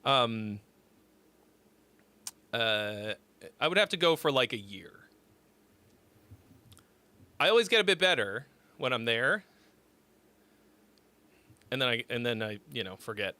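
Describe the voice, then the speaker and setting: A man in his forties hosts a music critique livestream in a loose, rambling chat. His voice is bright and ringing, and his pitch jumps around a lot. He swears freely and often cuts himself off mid-sentence. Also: very animated, slow pace, pauses often, dry recording. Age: 40s. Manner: rambling, profane, self-interrupting. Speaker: host of a song critique livestream.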